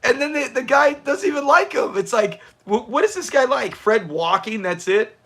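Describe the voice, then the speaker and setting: A man's voice: extremely high pitch, very animated, normal speed, bright, forceful tone, slightly rough. A man hosting a livestream watch party, chatting casually, answering viewers and laughing often. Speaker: livestream host.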